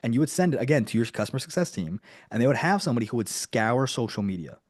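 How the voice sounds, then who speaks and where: A man running a live online coaching lesson for business owners, talking in an energetic, chatty way with many asides. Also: medium pitch, fast talker, no echo, studio quality.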